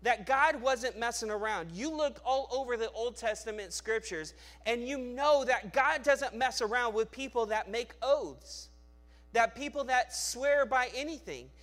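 A male pastor preaching a sermon, swinging between loud emphatic lines and quiet, low asides, with frequent restarts and repeated words. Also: measured pace.

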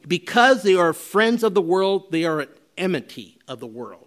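High-pitched guy preaching, chatty and loose, lots of uh and restarts, does little voices for quotes. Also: big pitch swings, normal speed. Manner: conversational preaching with many fillers and restarts, acting out quoted voices. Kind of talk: sermon.

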